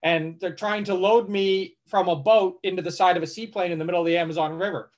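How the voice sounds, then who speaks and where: A man's voice: high voice, fairly quick. A man, a travel blogger and guest, telling a story casually with lots of restarts and fillers. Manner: animated, many restarts and fillers. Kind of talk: conversational storytelling.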